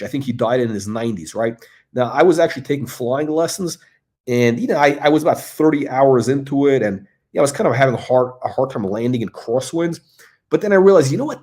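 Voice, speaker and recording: A middle-aged man chats casually as host of a live stream. He rambles, circles back and restarts his sentences, with plenty of "uh" and "you know" along the way. His voice sits at an ordinary middle pitch for a man. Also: darkish tone. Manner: rambling, with many fillers and restarts. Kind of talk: casual livestream chat.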